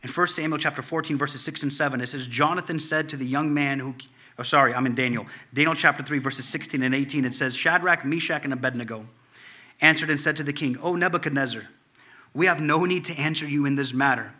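A male pastor preaching a sermon, in a conversational style with fillers and restarts, growing fervent and loud as he retells a story. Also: a little high, quick pace. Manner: builds to fervent, raised delivery when retelling the story.

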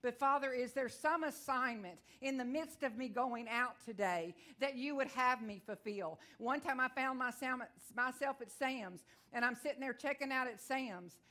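A middle-aged woman with a Texan accent preaching a sermon in a folksy, animated way, with frequent amens and asides. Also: on the high side.

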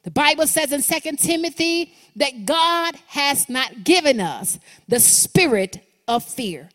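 A woman preaching a sermon, building rhythmic repeated phrases that rise and then drop low for emphasis. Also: lively intonation, a little slow, a bit bright. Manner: rhythmic repetition, rising and dropping emphasis. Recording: long hall reverb.

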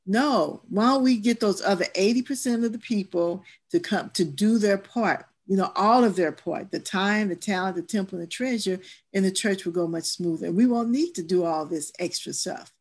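A woman's voice: mid-range voice, moderate pace, a little mellow. Woman, church stewardship leader, emphatic, earnest, discussion class.

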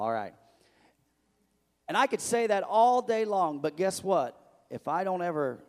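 A man preaching a sermon as pastor, telling stories in an animated, restarting way. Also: a little high. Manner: animated storytelling with many restarts. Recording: long church hall reverb.

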